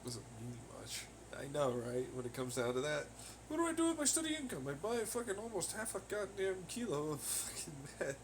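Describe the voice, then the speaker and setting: A young man talks on his podcast in a loose, rambling way, full of swearing and sudden rants. His voice sits a little higher than most men's. Faint background noise sits under the recording. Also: sing-song, a little fast. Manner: heavy swearing, ranting. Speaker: podcast host. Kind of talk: casual rambling monologue. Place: home on laundry day.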